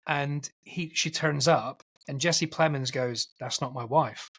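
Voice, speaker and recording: A man co-hosting a film podcast, casually retelling a film's plot in a rambling, animated way and acting out quotes. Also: medium pitch, a little slow, husky. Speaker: podcast co-host.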